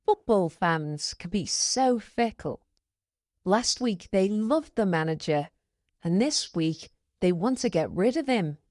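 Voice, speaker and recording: Woman voicing lesson examples, slow and lively, dry close sound. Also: medium pitch, dry recording. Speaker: example sentence reader. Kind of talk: scripted example readings.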